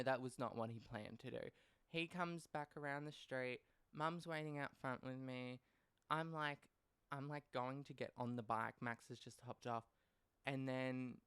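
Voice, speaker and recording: A gravelly, medium-pitched male voice with a fairly bright, clean tone comes through on a dry recording. The young podcast host tells casual stories bluntly, swearing freely and rambling wryly into asides.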